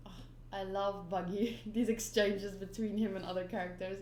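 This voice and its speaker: A woman's voice: medium pitch, level tone, moderate pace, a little mellow. A young woman hosting a manga readthrough, chatting casually with lots of ums and giggly asides. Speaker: manga reader and channel host. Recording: roomy echo.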